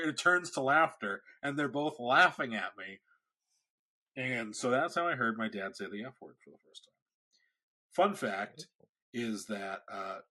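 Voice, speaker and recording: A man in his thirties, a podcast host, telling a story in casual chat and acting out the quotes. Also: medium pitch. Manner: animated storyteller, acts out quotes.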